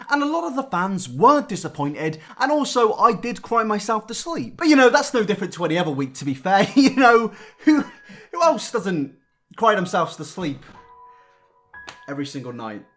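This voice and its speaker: A young man giving a satirical YouTube rant, mock-angry and sarcastic, jumping between loud outbursts and hushed asides. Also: high voice.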